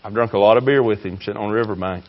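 A man preaching a fiery sermon, swinging between shouting and hushed tones. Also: lowish voice, racing, lo-fi sound. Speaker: pastor.

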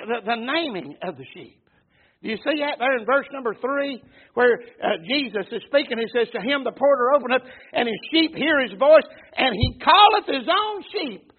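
A man's voice: high-pitched, breathy edge. A man preaching a sermon, telling folksy stories and calling out to the congregation for an "Amen.". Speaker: pastor. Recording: muffled phone-like recording.

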